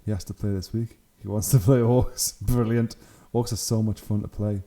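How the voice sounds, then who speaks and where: Chatty man with a very dark voice. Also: on the low side, steady tone, moderate pace. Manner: chatty, enthusiastic, laughs often. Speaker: channel host. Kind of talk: casual commentary on hobby photos.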